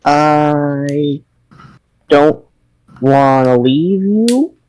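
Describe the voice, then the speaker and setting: A woman's voice: low voice, animated, extremely slow, a little mellow, slight background noise, heavily acted. A man voicing a self-assured, teasing female companion who answers coyly and dodges every request. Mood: coy, evasive. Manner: coy and noncommittal. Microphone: online voice chat.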